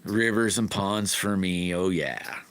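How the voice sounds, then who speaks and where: A man's voice: low-pitched, slow pace, a bit bright, clear, resonant tone. A middle-aged man, telling rambling, folksy stories in a casual live stream chat.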